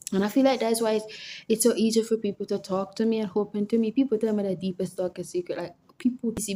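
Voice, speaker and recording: A woman's voice: on the high side, a little hiss or hum. A young Jamaican woman with a Jamaican accent talking casually to camera, giving relationship advice and acting out what people say. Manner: animated storytelling, acts out quoted lines.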